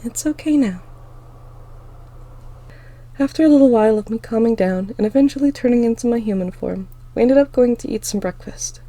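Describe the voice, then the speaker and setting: A woman reading her own story aloud in the first person, with expressive, emotional delivery. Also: a little high, quick pace, few pauses.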